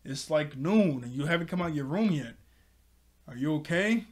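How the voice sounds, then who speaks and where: A man voicing an eager, jumpy teenage boy hero from a cartoon, with high startled yelps. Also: animated, normal speed, close to an everyday voice. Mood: nervous.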